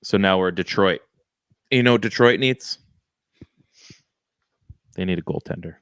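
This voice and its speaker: Man, podcast co-host, casual hockey talk, deep smooth voice. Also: a little slow, no room sound, studio quality. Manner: relaxed, joking asides. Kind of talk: casual hockey draft chat.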